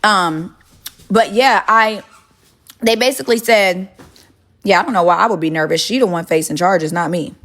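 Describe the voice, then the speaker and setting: A woman's voice: medium pitch, normal speed, long pauses, fairly bright tone. A young woman on a phone livestream from her home kitchen, chatting casually and bluntly with viewers, swearing and arguing back at them. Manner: blunt, profane, argumentative.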